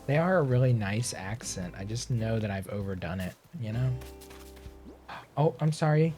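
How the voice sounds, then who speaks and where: A young man streaming a game, chatting casually and rambling to himself, his voice a little hoarse and often clearing his throat. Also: on the low side, animated, normal speed, mellow, soft background music. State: slightly hoarse. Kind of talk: casual gameplay chat.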